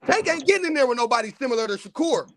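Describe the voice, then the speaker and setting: A man's voice: very high-pitched, animated, very fast, crowd noise. A man on a boxing talk show, blunt and slangy in casual banter. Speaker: boxing podcast co-host. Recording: noisy background.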